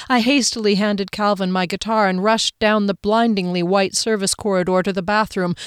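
A woman reads fiction aloud in an even, measured way. Her voice sits at a middle pitch and the recording is dry and close. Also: clean tone, no room sound. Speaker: audiobook narrator. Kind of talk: scripted narration.

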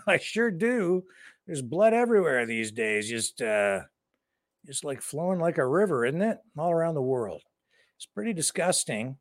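Rambling commentator, lively voice. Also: mid-range voice, moderate pace, no echo, clean studio sound. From Canada. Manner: joking, rambling, mock-outraged with frequent fillers. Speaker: livestream news show co-host.

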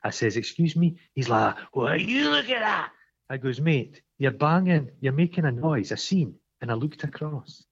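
A Scottish man co-hosting a podcast, telling stories in a sweary, animated way and acting out the quarrels in them. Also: medium pitch, moderate pace, hardly any pauses, slightly rough, highs cut off. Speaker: podcast co-host. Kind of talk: casual chat.

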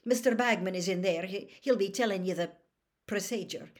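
A woman reading a storybook aloud, voicing a stern but anxious older female teacher giving firm, brisk instructions. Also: mid-range voice, close to an everyday voice.

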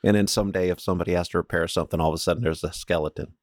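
A man with a low voice co-hosts a relaxed podcast chat and answers his partner with short, dry jokes. The mic sounds close and dead. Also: very fast, no room sound. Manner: dry, wry quips. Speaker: podcast co-host. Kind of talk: casual chat.

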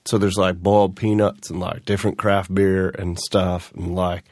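A man hosting a podcast in a casual, rambling monologue, animated and swearing freely as he jumps between topics. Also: low-pitched, moderate pace, dry recording, studio quality. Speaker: podcast host.

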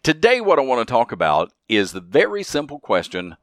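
A man's voice: medium pitch, wildly swooping pitch, fairly quick, no echo, clean studio sound. A man hosting a solo motivational podcast, talking earnestly and leaning hard on repeated key phrases. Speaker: podcast host.

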